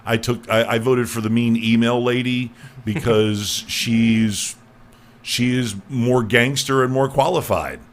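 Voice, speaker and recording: A male podcast host with a mid-range voice, steady tone and measured pace jokes crudely with his guests in loose comedic banter. He stammers and repeats words as he goes.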